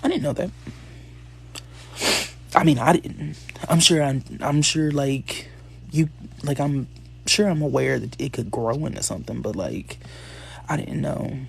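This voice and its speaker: A man's voice: medium pitch, animated, measured pace, creaky, long pauses, husky. A man hosting a casual live stream, chatting and answering comments from his viewers. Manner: chatty, reads and answers chat comments aloud. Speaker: livestream host.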